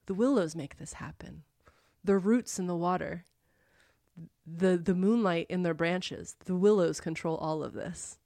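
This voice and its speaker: A woman's voice: lowish voice, a little slow, gravelly, dark tone, no echo. A woman voicing a grim, ominous man rotting in a marsh boat, giving blunt, foul-mouthed warnings while she retells a story.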